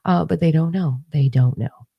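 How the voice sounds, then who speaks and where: A middle-aged woman with a low, gravelly, dark voice tells a story to her viewers in a blunt, profane way. She is animated and acts out the people in it. The sound is dry and close. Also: normal speed, no room sound, dull audio. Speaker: spiritual video creator. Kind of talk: casual storytelling monologue.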